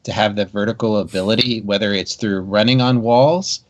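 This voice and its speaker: A man's voice: on the low side, steady tone, moderate pace, highs cut off. A man co-hosting a casual gaming podcast who rambles and restarts his sentences often. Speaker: podcast co-host.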